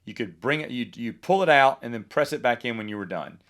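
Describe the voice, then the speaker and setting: A man in his forties with a mid-range voice hosts a podcast, speaking a little fast. In a casual monologue full of lively asides, he tells rambling, nostalgic stories.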